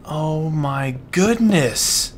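With a fairly high, animated voice and a very slow pace, a male gaming channel host comments casually on his let's-play. Dismayed, he keeps exclaiming and muttering to himself as he plays, and there is slight background noise.

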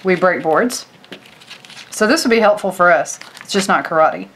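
A woman's voice: fairly low pitch, lively intonation, normal speed, fairly bright tone, slight background noise. A woman vlogger chatting casually to her viewers as she pages through a craft booklet, gushing over each picture. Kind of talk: casual product walkthrough.

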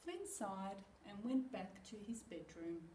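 Woman teacher, picture book reading, lively, slow, mellow, echoey room from afar. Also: medium pitch, far from the mic, slight background noise. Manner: expressive storytelling.

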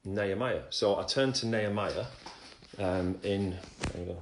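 A man talks through a faith testimony in a low voice, wandering from thought to thought and stopping himself mid-sentence. Between stories he reads passages aloud. The sound is roomy and echoey, as if he is in a bare room at home. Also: measured pace, slight background noise. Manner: rambling, self-interrupting, reads scripture aloud. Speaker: Christian speaker sharing testimony. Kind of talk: casual religious livestream talk.

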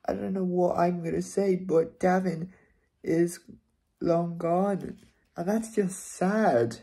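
Upset young man, slow and gravelly. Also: sits high, warm tone. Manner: repetitive, halting, keeps restating himself. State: upset, close to tears. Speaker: fan channel vlogger. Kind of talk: casual vlog to camera.

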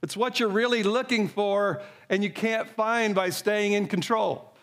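A pastor preaches to his congregation in a church sanctuary. His voice sits a little high for a man. He talks in an earnest, direct way and reads scripture aloud. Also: steady tone, measured pace. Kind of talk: sermon.

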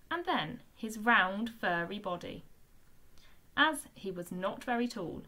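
A woman, a primary school teacher, reading a children's book aloud with expressive storytelling. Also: medium pitch.

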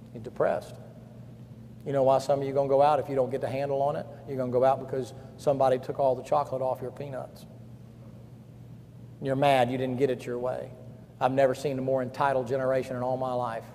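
A man preaching a camp-meeting sermon in a blunt, folksy way, swinging between hushed and loud delivery. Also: medium pitch. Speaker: pastor. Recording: long hall reverb, faint background noise.

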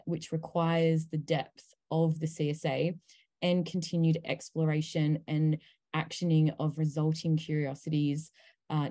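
A woman on an online panel, presenting a course pillar by pillar with many ums. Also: deep voice. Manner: many ums, steady explaining pace.

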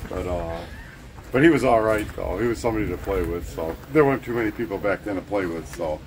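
A man giving a halting, earnest speech to introduce an award inductee at a ceremony. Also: low-pitched, expressive, noisy background. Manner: halting, earnest, filler-heavy.

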